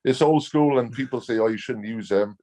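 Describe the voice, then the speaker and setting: In a brisk, mellow, medium-pitched voice, this Welsh ex-rugby player shares stories as a guest. He's blunt and easygoing, breaking into laughter frequently.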